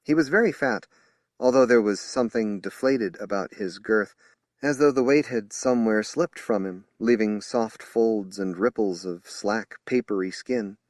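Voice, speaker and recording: A man reading a horror novel aloud as an audiobook narrator in measured storytelling. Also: lowish voice, no echo, studio quality. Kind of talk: scripted narration.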